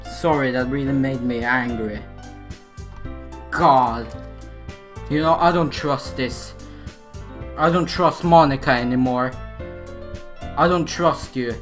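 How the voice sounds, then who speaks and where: A man doing gaming commentary, reacting with loud, exasperated, swearing outbursts. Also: mid-range voice, slow, long pauses, faint music behind. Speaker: let's play gamer.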